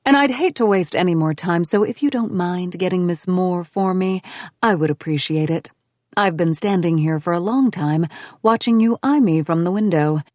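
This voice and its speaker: A woman's voice: lowish voice, a little mellow, no room sound, lightly acted. Narrator doing a composed, no-nonsense woman at the door, dry close sound, audiobook. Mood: firm. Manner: firm, measured. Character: poised, self-assured woman stranger.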